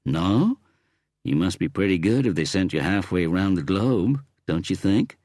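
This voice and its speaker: A man's voice: low-pitched, lively intonation, a little slow, no room sound, clean studio sound. A man voicing a blunt, assertive woman homicide inspector with an American accent. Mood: challenging. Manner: blunt, loud and clear.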